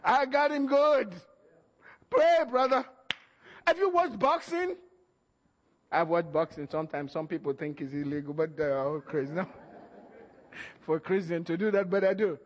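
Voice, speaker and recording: A man preaching a sermon, calling out to the congregation and shouting at the peaks while acting out the voices he quotes. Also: a little high, very animated, normal speed, long pauses. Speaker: pastor. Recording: church hall reverb.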